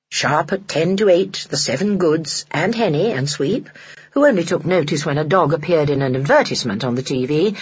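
A narrator reading a children's storybook aloud in an expressive storytelling way. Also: medium pitch, slightly rough, highs cut off. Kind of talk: audiobook narration.

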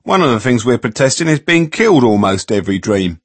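A man voicing a cynical, brisk shop steward with a challenging manner, in a storybook reading. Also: mid-range voice, big pitch swings, husky, no echo, voice pushed up.

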